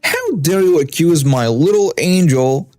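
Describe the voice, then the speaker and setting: A man's voice: fairly high pitch, animated, unhurried, darkish tone, soft background music. A man narrating a story, putting on the shrieking voice of an indignant entitled mother. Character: shrill entitled middle-aged mother.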